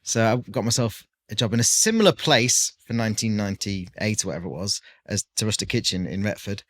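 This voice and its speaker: A man's voice: on the low side, expressive, brisk, fairly bright tone. A British man in his forties, a caterer guest on a podcast, telling his story in a rambling, chatty way with lots of fillers. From United Kingdom. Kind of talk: casual podcast chat.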